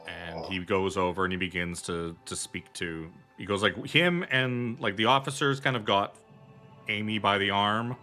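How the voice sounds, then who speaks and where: A man's voice: fairly low pitch, steady tone, normal speed, sharp tone, faint music behind. A man narrating as game master of a tabletop horror game, rambling loosely with many fillers.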